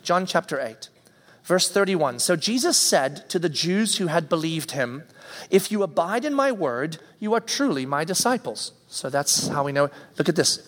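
A man gives a conversational sermon, voice sitting a touch higher than usual. He acts out everyday reactions as he preaches. A long hall reverb trails behind every line. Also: sing-song, normal speed, fairly bright tone.

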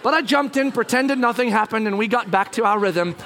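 A very high-pitched, bright, forceful male voice belonging to a middle-aged pastor. He preaches through a personal story and animates it with acted-out exchanges and sudden shouts. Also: fairly quick, a little hiss or hum. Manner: animated, acts out scenes, bursts into shouting. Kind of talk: sermon storytelling.

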